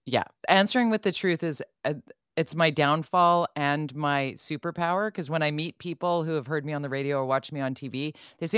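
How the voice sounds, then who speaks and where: A woman radio host with a lowish voice talks candidly into a studio mic, laughing at herself as she goes. The sound is close and dry, with no room around it. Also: steady tone, a little fast, fairly bright tone, clear, resonant tone, no echo. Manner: candid, self-deprecating, laughs often. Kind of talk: radio interview.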